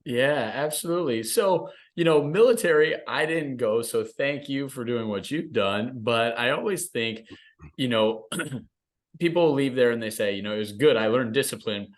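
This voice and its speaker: A man's voice: medium pitch, unhurried. A man with an ordinary mid-range voice hosts a podcast interview. He talks casually and chimes in with short affirmations. His questions run loose and conversational. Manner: conversational, frequent backchannel yeahs. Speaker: podcast host.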